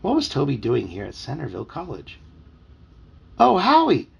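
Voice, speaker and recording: A man with a gravelly voice reading a children's book aloud at home, lively and expressive. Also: mid-range voice, fast, lo-fi sound.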